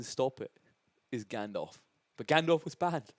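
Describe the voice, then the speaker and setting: A man casting a live esports match, with rapid, excitable play-by-play and playful teasing banter with his co-caster. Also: medium pitch, dry recording. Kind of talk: live game commentary.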